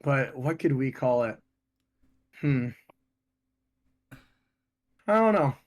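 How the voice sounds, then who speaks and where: Young man, mid-pitch, wisecracking co-host who keeps the show moving. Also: lively intonation, slow. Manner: joking, steers the conversation. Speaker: podcast co-host. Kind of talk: casual banter.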